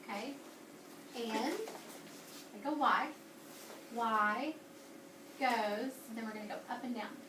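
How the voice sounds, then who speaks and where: An elementary school teacher with a fairly high voice coaches a classroom of children in an upbeat, coaxing way, repeating key words at a slow pace with long pauses. A far-off camera captures her in an echoey classroom with a noisy background.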